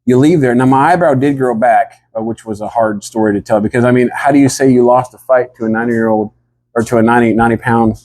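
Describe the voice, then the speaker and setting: A man telling a rambling comic story in a deadpan, drawling way and acting out what the others said. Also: medium pitch, fast talker. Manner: drawling, rambling, acts out the other people's lines.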